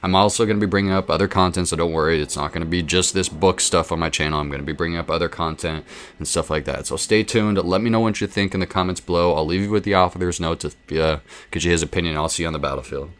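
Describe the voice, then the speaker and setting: A man's voice: sits low, fast talker, fairly bright tone. A man running a gaming channel, chatting casually to his viewers in a rambling, self-deprecating way with frequent ums.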